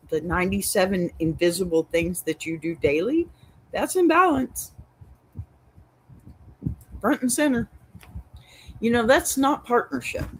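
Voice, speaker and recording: A woman's voice: fairly low pitch, a little hiss or hum, rough recording. A Texan woman hosting an advice show, reading out a reader's story and then giving a blunt, sassy verdict. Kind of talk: reading and reacting to advice stories. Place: home with a dog.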